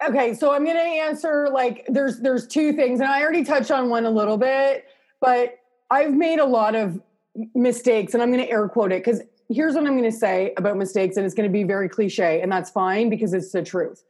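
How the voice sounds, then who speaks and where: A woman's voice: fairly high pitch, a little fast, a little mellow. A woman with a Canadian accent, an interior designer talking casually and at length in an interview, with many fillers. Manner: chatty, rambling, lots of fillers.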